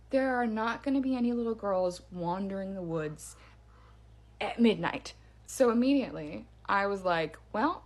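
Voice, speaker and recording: A woman casually telling a first-person scary story in a chatty way, with fillers and restarts. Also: medium pitch.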